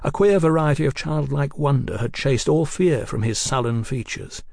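A man narrating an audiobook in an expressive storytelling manner. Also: mid-range voice, moderate pace, gravelly, no room sound, studio quality. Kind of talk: scripted narration.

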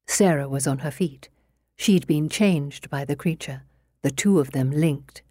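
A woman narrating an audiobook in an expressive storytelling way. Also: deep voice, measured pace, dry recording, studio quality.

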